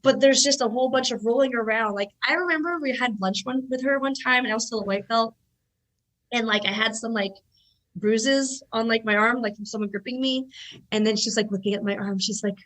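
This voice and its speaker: A young woman from California, a guest on a podcast, chatting casually and telling stories with lively acted-out voices. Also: on the high side, fairly quick, poor audio. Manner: animated storyteller, acts out quoted voices. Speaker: podcast guest, jiu-jitsu athlete. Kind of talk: casual chat.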